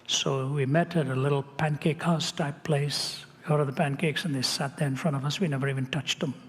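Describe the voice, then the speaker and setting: A man's voice: fairly high pitch, fairly even intonation, a little fast. A man telling a personal story in a sermon, earnest and conversational, with wry asides. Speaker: Christian speaker. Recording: reverberant hall.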